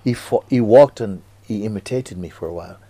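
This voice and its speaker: A man voicing a calm wise old master. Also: fairly low pitch, fairly quick, slightly rough.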